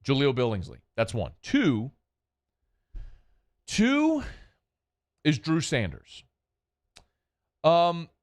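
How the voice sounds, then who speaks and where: A man's voice: mid-range voice, smooth. A man hosting a sports talk radio show, delivering an opinionated, emphatic monologue with punchy repetition.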